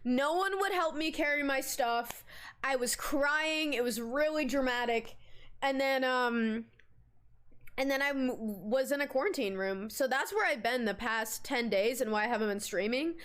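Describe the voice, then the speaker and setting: A woman's voice: high-pitched, moderate pace, clean tone. A young woman streamer chatting casually on a live stream, swearing freely and telling stories dramatically. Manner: animated, swearing, dramatic storyteller.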